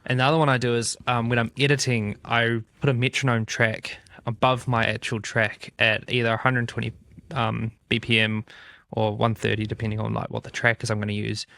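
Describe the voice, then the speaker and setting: Gravelly New Zealand man, animated. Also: mid-range voice, a little fast, no room sound. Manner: animated, acts out quoted voices. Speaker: podcast guest, video studio founder. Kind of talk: casual podcast chat.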